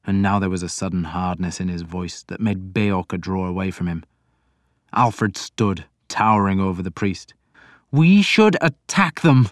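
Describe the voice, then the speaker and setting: A man narrating a story in the first person, measured and wry. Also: low voice, little pitch movement, no echo, clean studio sound. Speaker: audiobook narrator.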